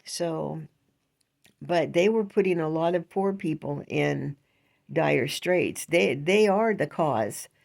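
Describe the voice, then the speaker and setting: Rambling older woman, gravelly voice. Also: deep voice, lively intonation, slow, darkish tone. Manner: chatty, indignant, rambling with laughs. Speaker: vlogger. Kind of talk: casual rambling monologue.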